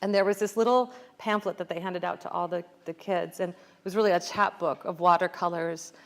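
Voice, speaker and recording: A woman's voice: fairly low pitch, fairly even intonation, fairly quick. An American woman, an author, talking reflectively in an onstage conversation, with many fillers and restarts. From United States. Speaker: author guest.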